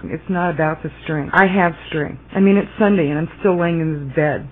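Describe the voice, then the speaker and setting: A woman's voice: sits low, brisk. A woman rambling through a joking story, stopping and restarting herself as she goes. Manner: rambling, self-interrupting, trails off. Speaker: vlogger. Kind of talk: casual joking monologue. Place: in her bed. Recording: tinny phone-like audio, faint noise.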